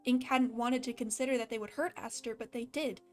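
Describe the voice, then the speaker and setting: Woman with a slight lisp, casual story reading, fairly high voice, faint music behind. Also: fairly even intonation, brisk, a little mellow. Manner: breaks off to laugh and comment. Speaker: fan fiction reader.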